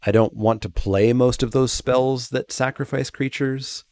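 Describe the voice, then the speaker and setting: A man's voice: mid-range voice, steady tone, a little slow, a little mellow, dry recording, studio quality. A man hosting a channel, reading game card text aloud and then musing over each one with hedging asides in casual review commentary.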